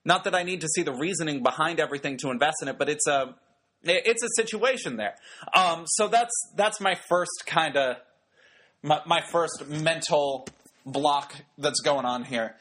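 A man talks through a wrestling episode in a loose, wry podcast style, full of ums and asides. His voice sits a little high and sounds bright and forward, with a faint husk to it. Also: normal speed. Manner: chatty, wry, many fillers. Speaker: wrestling show reviewer. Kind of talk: casual podcast commentary.

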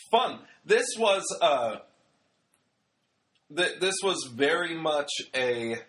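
Young male reviewer, bright slightly high voice, rambling jokey recap delivery. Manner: chatty, rambling, joking, acts out quotes. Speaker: wrestling show reviewer. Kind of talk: casual recap commentary.

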